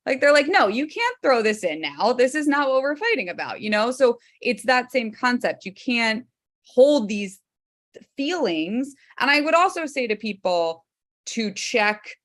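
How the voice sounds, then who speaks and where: A woman's voice: a little high, very animated, measured pace, fairly bright tone. A woman on a discussion panel, speaking frankly and casually, laughing between points.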